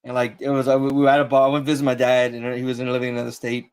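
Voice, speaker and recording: A man's voice: mid-range voice, monotone, racing, a little mellow, smooth. A man in a casual chat, telling stories with frequent restarts and swearing. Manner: rambling, swearing, many restarts.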